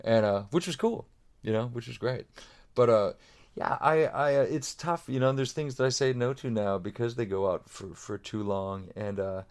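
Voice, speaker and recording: A man's voice: mid-range voice, moderate pace, a little mellow. A middle-aged man talking casually as a podcast guest, rambling with many restarts and fillers. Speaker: guest drummer.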